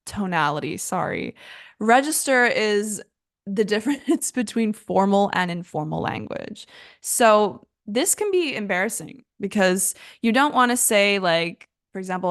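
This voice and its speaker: A woman's voice: mid-range voice, expressive, measured pace, no room sound. Young woman teacher chatting through an english lesson, laughs at her own slips, dead-dry mic. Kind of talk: casual online English lesson.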